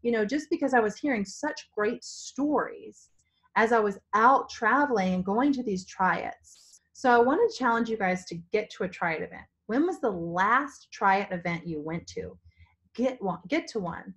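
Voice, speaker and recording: Hoarse, enthusiastic woman vlogging from home. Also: mid-range voice, moderate pace, a bit bright. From Virginia, US. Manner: enthusiastic, rambling, full of restarts. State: hoarse, voice partly lost. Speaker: direct-sales team leader. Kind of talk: spontaneous motivational vlog. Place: indoors in a family home.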